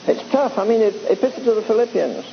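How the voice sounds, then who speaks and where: In a church before a live congregation, a preacher with a high, gravelly voice delivers a conversational, exhorting sermon, poking fun at his listeners. The recording is dull and lo-fi, carrying a faint hiss.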